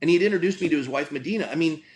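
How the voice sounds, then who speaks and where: Speaking very fast, a middle-aged male pastor with a high-leaning voice tells a personal story earnestly and conversationally, often restarting and stammering repeats. The low-quality recording has a little hiss or hum.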